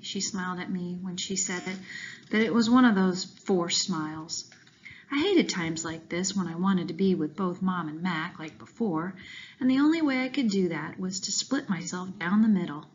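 A woman teacher reading a children's novel aloud to her class, expressive and voicing the characters lightly. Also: fairly low pitch, normal speed, dull audio, slight background noise.

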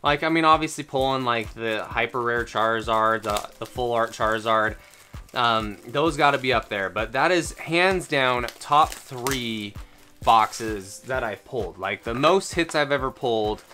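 A channel host giving excited unboxing commentary, gasping out exclamations and rattling off quick counts, the voice a little strained from excitement. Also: mid-range voice. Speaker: card-opening channel host.

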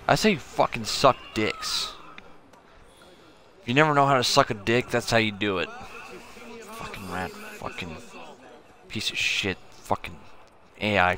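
Drunk young male gamer, foul-mouthed and fed up, low pitch, bright forceful tone. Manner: swearing, frustrated, muttering to the game. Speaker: gamer streamer. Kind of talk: angry drunk gameplay commentary.

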